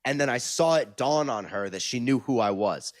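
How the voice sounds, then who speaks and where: A man's voice: medium pitch, expressive, normal speed, dry recording, clean studio sound. A young man co-hosting a casual comedy podcast, telling rambling stories and swearing freely. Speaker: podcast co-host.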